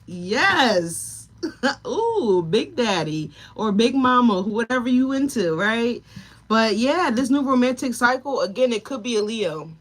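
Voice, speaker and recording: A woman's voice: on the high side, lively intonation, a little slow. A woman giving a live tarot reading, talking straight to her viewers and chat, emotional and tearful at times. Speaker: tarot reader.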